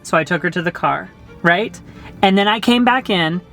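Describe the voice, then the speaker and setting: A man's voice: sits high, moderate pace, creaky, sharp tone, faint music behind. A young adult man telling a story in a chatty, easygoing way as a vlog co-host. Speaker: vlogger. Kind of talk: casual storytelling.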